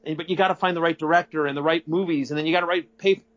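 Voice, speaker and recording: This middle-aged interview guest speaks at a racing pace with a fairly high pitch, and the audio is dull and lo-fi. He tells a story in a casual interview, animated and rambling, restarting sentences, correcting himself and swearing now and then.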